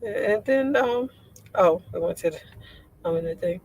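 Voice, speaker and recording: Woman host, livestream chat: low voice, rambling, quick to laugh, lots of fillers. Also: animated, a little mellow, rough recording. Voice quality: low voice she says sounds like a man's. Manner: chatty and rambling, laughs often, many fillers. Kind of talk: casual livestream chat reading viewer comments.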